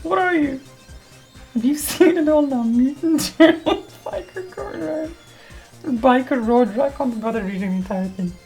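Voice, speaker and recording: A woman's voice: high voice, lively intonation, normal speed, darkish tone, faint music behind. Giggly woman flipping through a magazine. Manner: giggly, mock-cursing, reads aloud and reacts. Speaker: retro computing YouTuber. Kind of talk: casual magazine flip-through chat.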